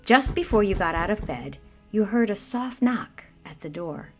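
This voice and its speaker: Lively woman reading a children's story. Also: medium pitch, normal speed, faint music behind. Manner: lively, addresses listener as you. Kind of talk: scripted narration for children.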